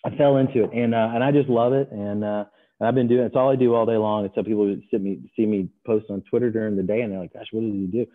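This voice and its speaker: A middle-aged man, a guest trader, talking casually and telling stories with lively acted-out voices. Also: lowish voice, fast talker. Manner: animated storyteller, acts out other voices. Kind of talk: casual interview talk. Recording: tinny phone-like remote line.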